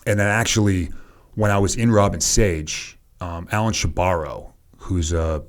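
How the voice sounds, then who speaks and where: A man in his thirties with a Boston accent, a former soldier telling relaxed, self-deprecating stories as a podcast guest. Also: low-pitched, measured pace. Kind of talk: casual storytelling interview.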